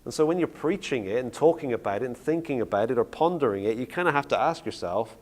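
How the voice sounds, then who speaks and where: A middle-aged man preaching on a Bible story, retelling it with lively acted-out quotes. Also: mid-range voice, quick pace. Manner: animated storytelling, acting out quoted lines. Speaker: preacher teaching on Bible stories. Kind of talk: sermon-style teaching talk.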